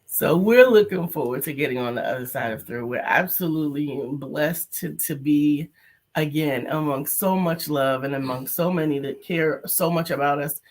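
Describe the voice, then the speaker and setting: A woman's voice: low-pitched, normal speed. A woman co-hosting a motivational show in a casual, upbeat way, often teasing and laughing. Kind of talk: casual chat.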